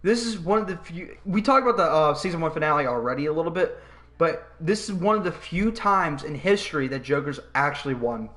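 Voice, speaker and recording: Host, male, high-pitched, excitable, swears a lot, loose podcast banter. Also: brisk. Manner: excitable, swears freely, laughs often. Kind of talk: casual chat.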